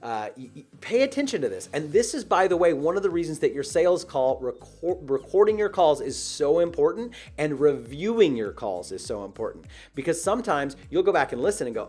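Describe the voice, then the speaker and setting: A man coaching on sales calls in an animated way, acting out short example dialogues. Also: a little high, fairly quick, hardly any pauses, soft background music. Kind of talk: direct-to-camera sales training.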